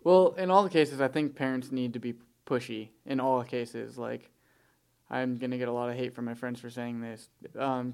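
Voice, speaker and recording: A man's voice: medium pitch, gravelly, darkish tone, clean tone. A young man talking bluntly and jokingly as a guest on a podcast.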